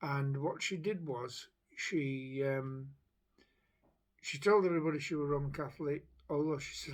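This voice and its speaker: Chatty male psychic medium, slightly high voice. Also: normal speed. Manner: chatty, hesitant restarts, relays quotes. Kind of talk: spirit message monologue.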